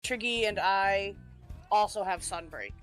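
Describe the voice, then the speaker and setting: A woman's voice: medium pitch, unhurried, faint music behind, rough recording. A woman chatting with friends on a voice call about games. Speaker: friend on voice chat. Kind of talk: casual voice chat.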